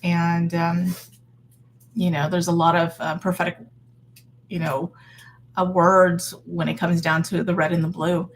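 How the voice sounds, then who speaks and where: A woman's voice: lowish voice, little pitch movement, a little slow, long pauses, slight background noise. A woman in her thirties talking casually and earnestly to her viewers, encouraging and full of fillers and restarts. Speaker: vlogger. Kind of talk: casual faith vlog talk.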